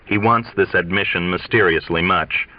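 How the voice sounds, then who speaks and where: A man narrating a literary novel aloud in a measured, deliberate way. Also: low voice, dry recording. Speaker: audiobook reader. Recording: dry, dull lo-fi sound.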